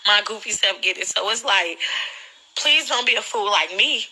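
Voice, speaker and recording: A woman's voice: mid-range voice, animated, moderate pace, pushed and bright, a little hiss or hum, low-quality recording. A woman speaking straight to her phone audience in an earnest, pleading way, holding back tears as she warns her viewers. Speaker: livestreamer sharing her illness experience. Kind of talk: emotional direct-to-camera livestream.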